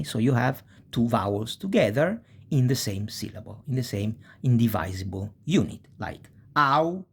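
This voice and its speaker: Slow, husky male teacher. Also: mid-range voice. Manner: slow and deliberate, frequent checking tags like "eh?". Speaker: Italian teacher. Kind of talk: language lesson.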